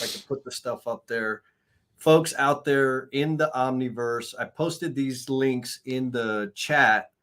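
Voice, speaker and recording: A man's voice: medium pitch, a bit bright. Hyped-up male conference host. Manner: hyped and enthusiastic, cheering on the speaker. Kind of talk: online conference hosting.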